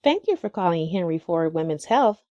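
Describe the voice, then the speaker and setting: A woman answers as a clinic receptionist with a polite, formal phone greeting. Her voice sits low and sounds mellow. The recording is dry, with little room sound. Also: expressive, normal speed, no echo, lo-fi sound.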